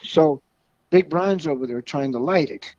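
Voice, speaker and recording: A man with a fairly high voice spins folksy stories as a car club guest, often breaking into laughter at his own tales. The sound is dry, with a slightly dull, muffled tone. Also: measured pace, a little mellow, dry recording. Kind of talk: casual storytelling.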